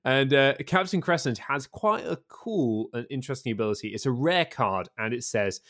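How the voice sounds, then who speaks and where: A man co-hosting a podcast in casual chat, upbeat and quick to laugh. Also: mid-range voice, animated, fairly bright tone. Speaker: podcast co-host.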